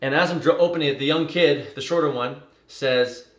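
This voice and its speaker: A man telling a personal story in a casual, animated way, tumbling through details with fillers and swearing. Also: a little high, a little fast. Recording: echoey room.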